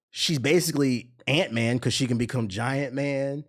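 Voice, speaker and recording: A man's voice: mid-range voice, expressive, measured pace, long pauses. A young man streamer ranting in casual, profane commentary, now and then mocking voices.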